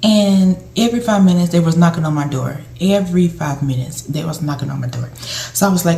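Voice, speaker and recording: A woman's voice: lowish voice, a little fast, vocal fry, warm tone. A woman speaking to camera about caregiving, in a conversational way that often repeats and restarts phrases. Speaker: caregiver giving advice. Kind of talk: casual advice talk to camera. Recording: echoey room.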